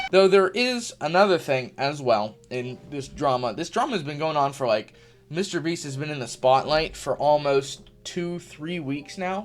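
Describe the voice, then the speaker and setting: A man's voice: fairly high pitch, a bit bright. A man giving casual commentary on online drama, chatty and full of sarcastic asides and fillers. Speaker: YouTube commentator.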